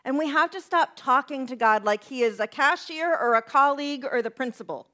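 A woman pastor giving a conversational sermon, acting out quoted prayers and dropping to soft, quiet lines. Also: sits high, brisk. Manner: conversational preaching, acts out quoted prayers, drops to soft near-whispers.

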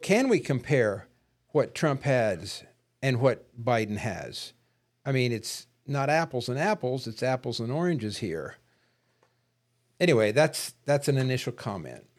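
A man talks politics on a podcast in a measured, wordy way. He pauses to clear his throat now and then. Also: mid-range voice, big pitch swings. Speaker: podcast co-host. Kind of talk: casual political discussion.

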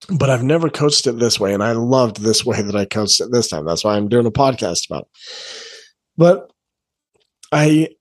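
A man's voice: medium pitch, no echo. A man, a coach hosting his own podcast, telling a story in a rambling, casual way with lots of filler words. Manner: rambling, conversational, many "like" fillers.

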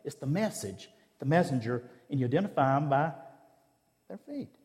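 A man's voice: a little high, animated, moderate pace, darkish tone, in a large hall. A man giving a sermon in a conversational, storytelling way, acting out the dialogue of his anecdotes. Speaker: preacher. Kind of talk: sermon with personal stories. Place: church.

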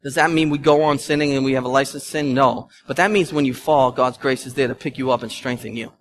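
A man preaching a sermon as pastor, talking in a conversational, animated way and telling stories with laughs. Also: medium pitch, quick pace. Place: church sanctuary.

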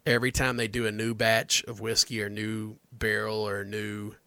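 Low-voiced man explaining whiskey. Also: monotone, normal speed, bright, forceful tone, smooth, no echo. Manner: knowledgeable, explains terms plainly. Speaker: whiskey reviewer co-host. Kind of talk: casual tasting chat.

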